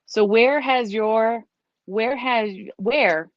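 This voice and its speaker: A woman gives a casual tarot reading, encouraging and repetitive, occasionally stopping to scold her dog. Her medium-pitched voice is animated and slow, in a dull, dry lo-fi recording with no room sound.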